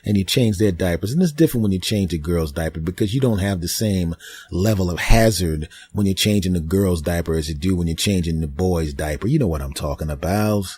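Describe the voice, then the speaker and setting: A man's voice: deep voice, fairly quick, darkish tone. A middle-aged man hosting a podcast, telling a rambling comic story with stammers and restarts. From US East Coast. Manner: rambling, stammering, with put-on voices in quotes. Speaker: podcast host. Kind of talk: comedic storytelling monologue.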